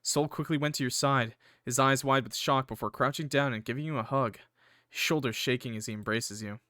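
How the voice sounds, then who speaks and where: Young gaming creator, reads a visual novel aloud, jumps into loud swearing reactions, bright voice, dry close sound. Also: male voice, mid-range voice, brisk, dry recording. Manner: excitable, swears and yells in reaction.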